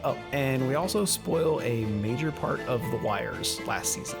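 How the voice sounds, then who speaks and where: Male podcast host, gravelly voice, playful and self-mocking, music underneath. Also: medium pitch, expressive, a little slow. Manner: playful, laughs at himself. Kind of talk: casual podcast intro and interview.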